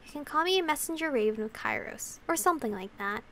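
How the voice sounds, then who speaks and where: Mysterious female messenger, cool and composed, read by a woman with a fairly high voice. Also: expressive, fast talker, sharp tone, slight background noise.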